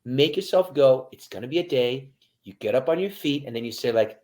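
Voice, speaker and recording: Brisk and medium-pitched, a male veteran of the military speaks as a guest in a motivational interview, addressing listeners head-on while his voice swings from hushed to loud.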